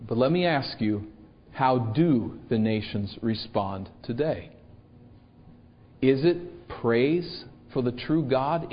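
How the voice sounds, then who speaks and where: A man's voice: medium pitch, big-room sound, highs cut off. A man preaching a sermon, reading scripture and asking the congregation rhetorical questions. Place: church.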